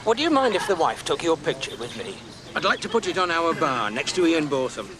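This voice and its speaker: An actor playing a chatty, blundering pub landlord in a TV drama. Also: male voice, a little high, very animated, a little fast. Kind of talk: TV drama acting. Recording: busy crowd behind.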